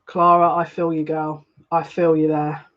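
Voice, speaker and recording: A woman's voice: deep voice, level tone, measured pace, dull audio. A woman giving a live collective card reading as a psychic, talking in a chatty, rambling and openly emotional way.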